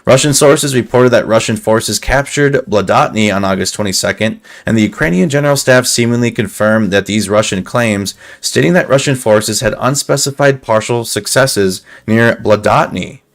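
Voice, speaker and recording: A man's voice: on the low side, moderate pace, few pauses. A man giving casual live commentary on war news over a map, thinking aloud with restarts and a slightly dry throat.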